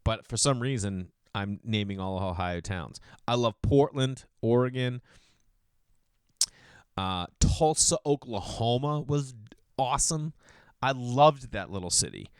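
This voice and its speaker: Expressive and unhurried, a Boston comedian who hosts a podcast rambles through a loose comedic monologue in a smooth, resonant voice, recorded dry and close without any room. He goes loud for acted-out bits, mumbles low, swears casually, and keeps calling listeners dude.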